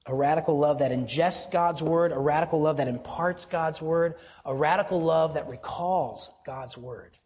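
Earnest pastor preaching to men. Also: male voice, measured pace, long reverb tail, dull audio. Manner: earnest, exhorting, drops low and quiet for emphasis. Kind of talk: sermon.

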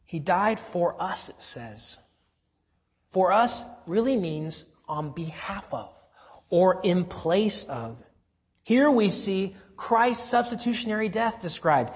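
A man preaching a sermon, asking the congregation questions and slowing right down to stress key phrases. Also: high voice, big pitch swings. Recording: dull lo-fi sermon recording.

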